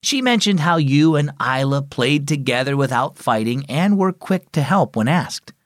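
A man's voice: medium pitch, expressive, normal speed, no echo, clean studio sound, natural voice. A man voicing a comforting mother tucking her son in, in a children's storybook reading. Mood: tender. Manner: soft, comforting. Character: tender, reassuring mother.

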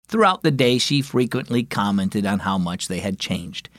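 A man hosting a children's devotional radio show, reading a story in a friendly, expressive storyteller manner. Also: fairly low pitch, normal speed, no echo, studio quality. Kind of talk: scripted storybook narration for children.

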